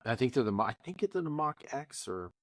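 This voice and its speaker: A man's voice: mid-range voice, brisk, dry recording. Brief: rambling podcast co-host, man, mid voice, close dry mic. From Canada. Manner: rambling, animated, lots of restarts. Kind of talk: casual chat.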